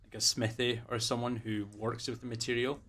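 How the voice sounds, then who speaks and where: A man's voice: medium pitch, level tone, fairly quick, fairly bright tone, a little hiss or hum. Laid-back man running a tabletop game. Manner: loose, filler-heavy narration. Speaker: game master. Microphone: voice call.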